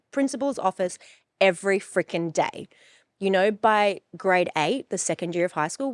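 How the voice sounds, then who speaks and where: A woman's voice: mid-range voice, dry recording, studio quality. A woman in her forties, telling her own story in a frank, emphatic way that is full of swearing. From Australia. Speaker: coach and podcast host. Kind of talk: personal storytelling.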